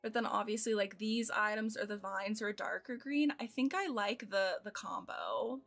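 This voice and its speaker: With soft game music in the background, a twenty-something American streamer giggles and talks through her thoughts casually as she plays. She speaks at a normal speed in a mid-range voice.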